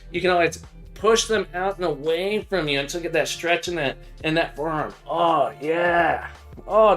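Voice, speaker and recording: A high-voiced man hosts a live stream in a playful, upbeat way, coaching his viewers through stretches. He talks over a desk mic with faint music behind him. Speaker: livestream host. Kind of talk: live coding stream chat.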